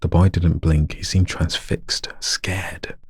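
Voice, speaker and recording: A man's voice: deep voice, fairly even intonation, moderate pace, darkish tone, breathy edge, dry recording, clean studio sound. A man reading a story aloud, stumbling over lines, retaking them and joking with himself. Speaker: story narrator.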